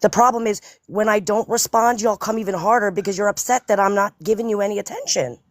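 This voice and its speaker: Woman host, mid pitch, dry close mic, insistent live-stream chat. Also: quick pace, dry recording. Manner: animated, repeats "you know what I mean".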